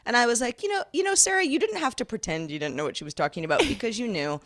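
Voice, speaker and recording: A woman co-hosting a podcast, telling a story in casual chat and acting out the quotes in a higher voice. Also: very fast. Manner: animated, acts out quotes in a higher voice. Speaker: podcast co-host.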